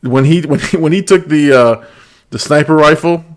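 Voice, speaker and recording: A man's voice: fairly high pitch, normal speed. A middle-aged man hosting a casual pop culture chat, talking with many restarts and small laughs. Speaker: podcast host.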